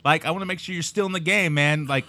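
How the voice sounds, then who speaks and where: A man's voice: fairly high pitch, quick pace, bright, forceful tone. A young adult man hosting a podcast, rambling in casual, profane banter and laughing often. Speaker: podcast host.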